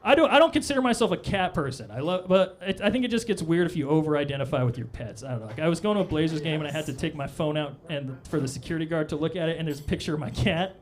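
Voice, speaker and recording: A man's voice: on the high side, lively intonation, rapid-fire, few pauses. A man performing a stand-up comedy set on a club stage, with a loose, rambling delivery full of "all right?" asides.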